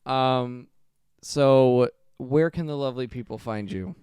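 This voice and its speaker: A man hosting a casual podcast, exhausted and laid-back, with frequent "uh"s between phrases. His voice is smooth and clean. It is recorded dry and close. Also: medium pitch, slow pace, darkish tone, no echo. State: very tired. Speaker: podcast host.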